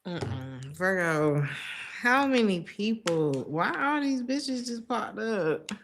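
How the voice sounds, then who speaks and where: A woman's voice: medium pitch, sing-song, slow pace, fairly bright tone, slight background noise. A woman giving a casual tarot reading, chatty and slangy, laughing often between remarks. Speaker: tarot reader.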